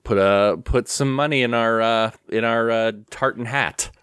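A man's voice: mid-range voice, a little slow, fairly bright tone, smooth, no room sound. A man co-hosting a podcast in casual chat, making dry, joking quips. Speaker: podcast co-host.

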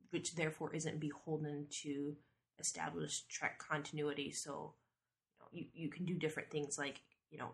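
A woman's voice: deep voice, vocal fry, a bit bright. A woman caller recording a casual, conversational audio question with a few fillers.

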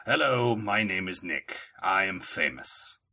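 A man playing an awkward, halting young man in a comedy radio sketch. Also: low-pitched, full character voice. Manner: stiff, halting, deadpan repetition.

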